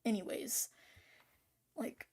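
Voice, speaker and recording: A woman's voice: takes it slowly, warm tone, in a whisper. Rambling, profane woman ranting. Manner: rambling, profane, many restarts and trailing-off fillers. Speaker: artist ranting on camera. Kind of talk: casual spoken rant.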